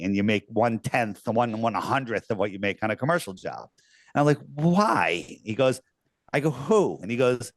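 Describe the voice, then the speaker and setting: A man telling an animated story as an interview guest, acting out quoted voices and swearing casually. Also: fairly low pitch, dry recording, clean studio sound.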